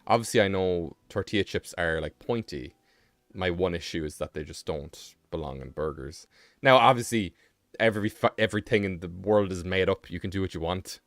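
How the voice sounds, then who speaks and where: A man's voice: low voice, normal speed, no room sound. A young British man streaming live, chatting casually and rambling with self-mocking asides while he draws. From Britain.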